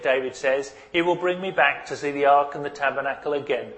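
A man preaching a sermon, stressing key phrases and repeating them, with loudness that rises and drops for emphasis. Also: fairly high pitch, a little fast.

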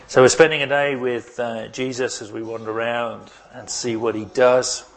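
A man's voice: mid-range voice, level tone, moderate pace, slight background noise. A pastor preaching a sermon and praying, talking conversationally and asking his congregation questions. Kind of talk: sermon with prayer.

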